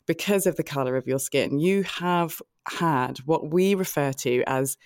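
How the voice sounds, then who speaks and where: A woman's voice: low-pitched, a little slow, no echo, studio quality. A woman hosting a podcast, introducing her guest in an effusive, gushing way with frequent laughter. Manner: effusive, laughing, tearful at times. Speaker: podcast host.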